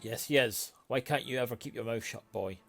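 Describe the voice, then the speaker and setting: A man's voice: mid-range voice, a little fast, fairly bright tone, faint music behind. A man voicing a stern, hot-tempered father who barks at his son. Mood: angry. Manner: gruff, barking.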